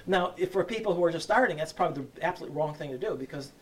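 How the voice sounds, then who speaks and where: A man's voice: fairly high pitch, lively intonation, very fast, recorded from a distance, background noise. A man giving a lecture and answering audience questions, often hesitating, restarting and checking with "right?".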